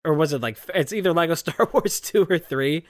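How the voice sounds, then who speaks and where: Laid-back podcaster with a lively voice. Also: medium pitch, moderate pace, dry recording, clean studio sound. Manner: laid-back, laughs often. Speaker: podcast co-host. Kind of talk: casual chat.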